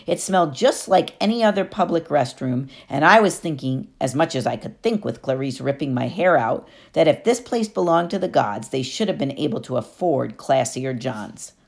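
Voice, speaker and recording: A woman's voice: rumbling low, lively intonation, normal speed, vocal fry, few pauses. A woman narrating a first-person audiobook in a wry storytelling manner.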